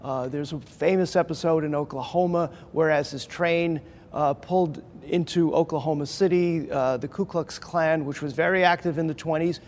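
A man in an interview, recounting events with many pauses and fillers. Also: a little high, steady tone, darkish tone. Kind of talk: interview commentary. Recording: long reverb.

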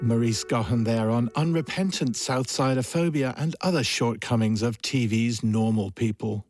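A man presenting a radio culture show with a brisk, dry scripted sign-off. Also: mid-range voice, darkish tone, dry recording, faint music behind.

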